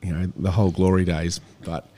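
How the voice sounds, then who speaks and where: A lower-pitched Australian man in his fifties chats as a guest on a radio show. He rambles through stories at an easy pace, often breaking into a chuckle. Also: little pitch movement, brisk, dark tone. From Canberra, Australia. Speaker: guest musician. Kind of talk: casual radio chat.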